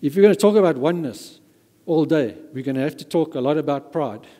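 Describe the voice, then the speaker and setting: A man's voice: fairly high pitch, animated, quick pace, warm tone. A man preaching a sermon as pastor, emphatic and given to repeating words for stress. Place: church hall. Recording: reverberant church hall.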